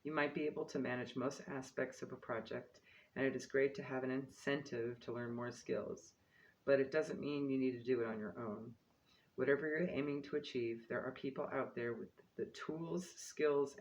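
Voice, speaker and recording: A man giving a tarot-style card reading and reading guidance aloud, calm and encouraging, with casual asides and a light laugh at his own slips. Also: medium pitch, moderate pace, a little hiss or hum, rough recording. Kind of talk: spiritual card reading, reading guidebook text aloud.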